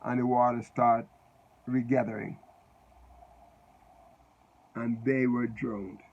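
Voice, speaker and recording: A man giving unscripted Bible teaching, halting and repeating words as he spells out Hebrew letters. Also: medium pitch, little pitch movement, highs cut off, slight background noise.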